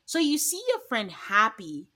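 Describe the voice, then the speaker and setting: A woman's voice: on the high side, measured pace. A woman co-hosting a podcast, chatting casually and acting out lines from a reality show. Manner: animated, acts out quotes from the show. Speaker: podcast co-host. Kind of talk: casual recap chat.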